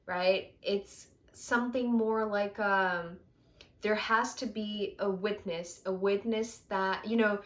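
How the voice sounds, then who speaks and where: A woman's voice: mid-range voice, takes it slowly. Effusive woman reading tarot cards. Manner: chatty, full of "you know" and "right?"; effusive and excitable. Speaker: tarot reader.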